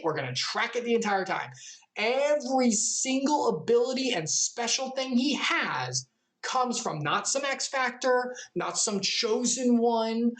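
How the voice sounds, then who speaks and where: A woman hosting a game lore recap, enthusiastic and playful, often laughing at her own jokes. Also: mid-range voice. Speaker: video game lore channel host.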